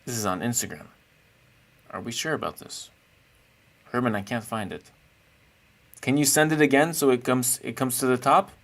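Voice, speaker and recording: A man's voice: medium pitch, normal speed, pauses often, a bit bright. A man streaming live, chatting casually and playfully with his viewers while he rates chess games. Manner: chatty, playful, thinks aloud while searching.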